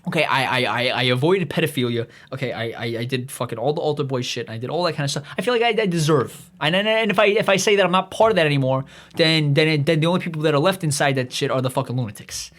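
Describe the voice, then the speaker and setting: Fast-rambling foul-mouthed man. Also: fairly high pitch, lively intonation, fairly bright tone. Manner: rambling, heavy swearing, many restarts; acts out quoted voices in his own voice. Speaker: podcast host. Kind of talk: profane comedic monologue.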